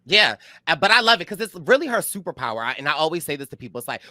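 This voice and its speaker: A man co-hosting a casual recap show, expressive and quick to laugh, with big jumps in pitch. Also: dry recording. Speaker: podcast co-host.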